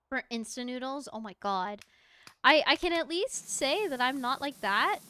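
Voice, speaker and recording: Chatty American woman streamer, slightly high voice, casual and giggly. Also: expressive, unhurried, long pauses, bright, forceful tone, no echo. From United States. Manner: chatty, rambling storyteller who laughs often. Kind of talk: casual stream chat while gaming.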